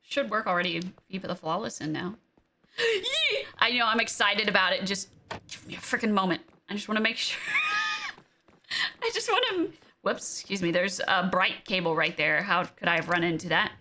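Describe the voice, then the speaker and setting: A young woman streamer talks through her game in a loose, chatty way, playful and quick to exclaim over what she has made. Her voice is bright and forward, with a sharp, clear edge. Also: mid-range voice, slight background noise. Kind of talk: casual gameplay commentary.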